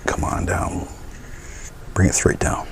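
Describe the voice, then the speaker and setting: A man teaching painting step by step, calm and encouraging, his words often trailing off into soft murmurs. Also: slow pace, slight background noise. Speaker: painting instructor.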